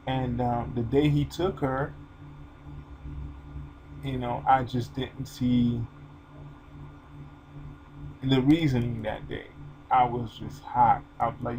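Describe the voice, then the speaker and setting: A man's voice: medium pitch, fairly even intonation, measured pace, long pauses, a little mellow, a little hiss or hum, low-quality recording. A man talking to his channel in an emotional, informal, rambling way, full of fillers. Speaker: vlogger. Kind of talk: personal video monologue.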